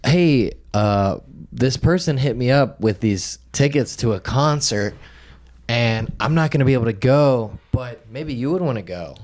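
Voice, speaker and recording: A man's voice: medium pitch, lively intonation, a little slow, a little mellow. A man co-hosting a podcast, chatting casually and teasing with dry quips. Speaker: podcast co-host. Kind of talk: casual chat.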